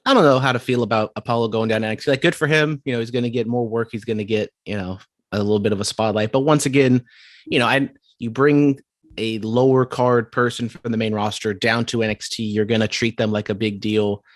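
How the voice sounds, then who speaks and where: A man's voice: mid-range voice, steady tone, a little fast, no echo, clean studio sound. A man co-hosting a wrestling podcast in casual chat, with wry, sarcastic asides. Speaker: podcast co-host.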